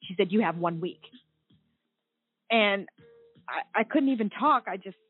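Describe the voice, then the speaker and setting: A woman in her forties from the United States, a guest telling her own story on a talk show, emotional and halting with many fillers and restarts. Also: medium pitch, lively intonation, breathy edge, soft background music. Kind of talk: personal account on a talk show. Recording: tinny phone line.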